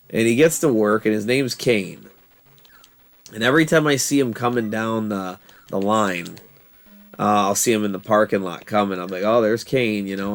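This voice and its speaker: A man giving casual gameplay commentary, telling rambling stories with frequent laughter and swearing. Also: on the low side. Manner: rambling, laughing, profane storytelling. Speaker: gaming channel host.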